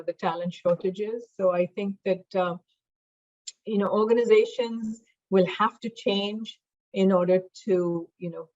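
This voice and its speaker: Middle-aged woman, podcast guest, measured, fillers, lo-fi dull sound. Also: fairly low pitch, darkish tone. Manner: measured, many "you know" fillers. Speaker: podcast guest, diversity expert. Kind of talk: conversational interview.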